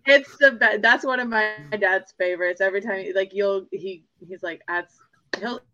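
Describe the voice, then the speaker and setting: A woman co-hosting a hockey fan podcast with a bright, crisp edge to her voice. She talks in loose, rambling sentences, fills them with "like," and laughs between her thoughts. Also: medium pitch, moderate pace, highs cut off. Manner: rambling, lots of 'like', laughing. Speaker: podcast co-host. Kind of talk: casual chat.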